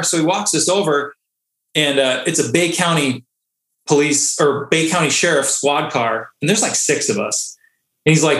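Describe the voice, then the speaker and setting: A man who is a Navy diver, a podcast guest telling a story in a casual, animated way and often laughing. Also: on the high side, normal speed. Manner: animated, laughing, acts out quotes. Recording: echoey room.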